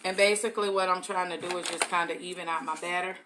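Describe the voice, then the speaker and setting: A woman's voice: lowish voice, steady tone, fast, heavy background noise. A young adult woman leading a live soap-making tutorial, chatting casually and calling her viewers y'all.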